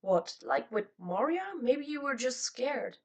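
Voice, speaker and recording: A woman voicing an awkward, gentle teenage boy who speaks hesitantly, in an audiobook. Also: sits high, very animated, a little slow, recorded from a distance, pitched above the performer's own voice, exaggerated voice.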